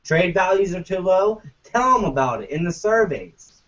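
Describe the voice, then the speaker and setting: A man's voice: sits high, expressive, moderate pace, fairly bright tone. A man co-hosting a gaming podcast, ranting casually and profanely. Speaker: podcast co-host. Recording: muffled lo-fi, distant from mic.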